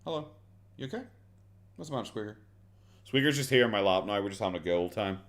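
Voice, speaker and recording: A man's voice: on the low side, lively intonation, fast talker, fairly bright tone. A young Irish man commenting on videos during a live stream, sarcastic and rambling, swearing often and filling gaps with "like". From Ireland. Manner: sarcastic, swears freely, rambling with many fillers.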